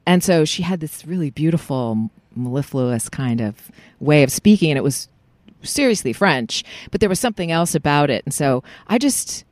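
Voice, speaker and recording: A woman voice actress chatting casually in an interview, animated and full of fillers and restarts. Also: low-pitched, normal speed, few pauses, no room sound. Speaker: voice actress guest. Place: parking lot.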